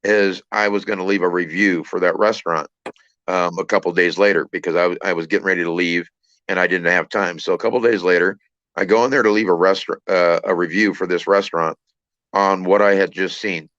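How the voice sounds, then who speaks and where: A man telling a personal story in a casual, halting way, repeating words and using many fillers. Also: sits low, steady tone, fairly bright tone, dry recording, dull audio. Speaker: trucker channel host.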